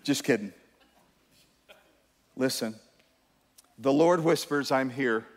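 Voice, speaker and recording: A man preaching a sermon to a congregation, swinging from hushed, quiet lines to loud emphatic ones and calling out to the crowd. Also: medium pitch, slow pace, long pauses. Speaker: pastor. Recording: long hall reverb.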